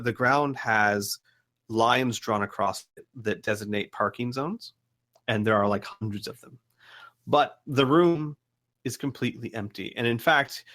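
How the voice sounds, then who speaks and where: A man's voice: medium pitch, fairly bright tone. Man narrating as game master. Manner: descriptive, hesitant with fillers, checks in with players.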